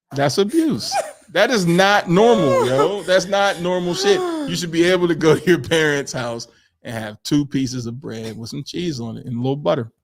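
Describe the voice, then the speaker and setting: Animated man telling a funny story. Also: on the high side, a little slow. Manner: animated, acts out quotes, laughs often. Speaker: podcast co-host. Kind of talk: casual storytelling chat.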